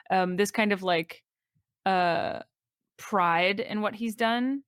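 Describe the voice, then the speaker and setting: A woman's voice: medium pitch, slow pace, clean tone, no room sound, clean studio sound. A woman guest on a podcast, talking enthusiastically in casual chat, rambling with many fillers.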